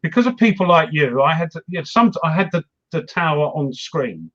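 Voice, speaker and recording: A man's voice: fairly high pitch, lively intonation, fairly quick, a bit bright, highs cut off. A man hosting a wargaming chat show, rambling and self-mocking as he talks through his games. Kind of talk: casual chat.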